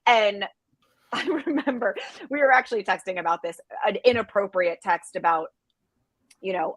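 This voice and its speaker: A woman guest on a parenting podcast, telling a story in an animated, self-deprecating way and laughing as she goes. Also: mid-range voice, a little fast, dry recording, rough recording. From Israeli family. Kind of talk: casual storytelling.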